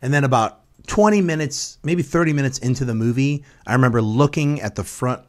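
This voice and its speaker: A man co-hosting a movie talk show in casual chat, animated and jokey, often slipping into mock voices. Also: medium pitch, brisk.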